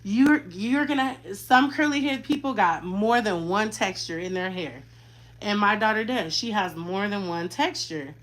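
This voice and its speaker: A woman's voice: medium pitch, unhurried, fairly bright tone, poor audio. A woman in her thirties, a mother chatting frankly in a slangy, talkative way while she does her daughter's hair. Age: 30s. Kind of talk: casual chat while styling hair.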